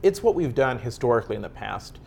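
Earnest man explaining ideas calmly. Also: medium pitch, fast talker, vocal fry, slight background noise. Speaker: author and technologist guest. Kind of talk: measured interview answers.

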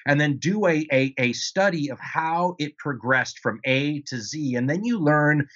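A man's voice: on the high side, a little slow, fairly bright tone. A man answers interview questions as the author of a book. He talks in a discursive way, restarting phrases and checking in with rhetorical questions. His audio sounds slightly dull and lo-fi. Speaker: author guest.

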